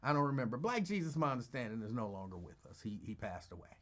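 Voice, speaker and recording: A male radio talk host spins a story in a casual, teasing voice, with a pitch that swings widely up and down. He dramatizes the moments and lingers on them for effect. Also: fast talker. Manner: animated, teasing, acts out quotes.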